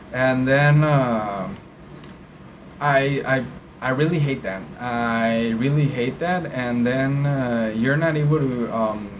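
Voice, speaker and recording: A man's voice: mid-range voice, slow pace. A man who works as an interpreter gives casual, conversational teaching on interpreting, with plenty of fillers and tag questions. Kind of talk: casual instructional talk. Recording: dull sound with steady background noise.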